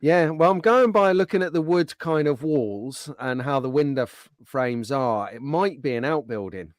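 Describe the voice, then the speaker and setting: A man's voice: a little high, animated, moderate pace, no echo. Chatty male slot car host. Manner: chatty, upbeat, banter with cohost. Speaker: livestream host. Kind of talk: casual chat.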